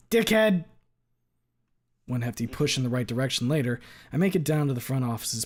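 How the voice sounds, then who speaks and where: A man streaming a visual novel, reading the narration aloud as a low, muttered inner monologue with some swearing. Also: a little mellow.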